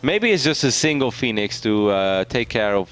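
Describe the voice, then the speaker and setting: A man's voice: medium pitch, big pitch swings, normal speed, fairly bright tone. A man casting a live esports match, chatty and laughing often as he tells anecdotes. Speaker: esports caster.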